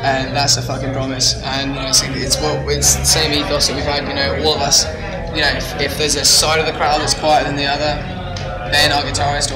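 A man's voice: on the high side, roomy sound, low-quality recording. A young man, a band frontman chatting casually in an interview, swearing freely and restarting his sentences. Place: outdoor music festival. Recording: loud festival crowd behind.

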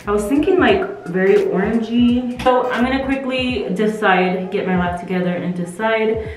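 A woman's voice: fairly high pitch, normal speed. A young woman with a put-on British accent, chatting playfully and rambling through a makeup tutorial at home, picked up by a camera mic. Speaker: makeup vlogger. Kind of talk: casual makeup tutorial chat. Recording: very echoey room with faint music.

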